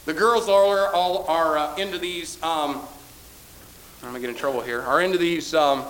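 A man preaching a sermon as pastor, talking in a folksy way that swings from quiet asides to shouted appeals and acts out everyday voices. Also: a little high, fairly even intonation, normal speed, slight background noise, low-quality recording.

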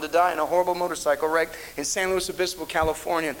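A man's voice: a little high, fairly even intonation, fast talker, crowd noise, low-quality recording. A middle-aged man preaching a sermon as a pastor, telling stories in a rambling way with many restarts. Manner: rambling anecdotal delivery with frequent restarts. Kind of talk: storytelling sermon.

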